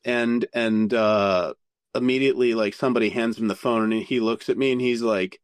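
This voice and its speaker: A man telling a candid story as a podcast guest, animated and full of swearing. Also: mid-range voice, normal speed, dry recording, clean studio sound. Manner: profane, animated anecdote-telling.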